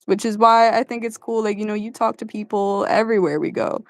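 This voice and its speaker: A woman co-hosting a casual chat podcast, speaking at a middling pitch. She rambles through her points with many fillers. The sound is dry and close to the mic. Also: little pitch movement, a little fast, no echo.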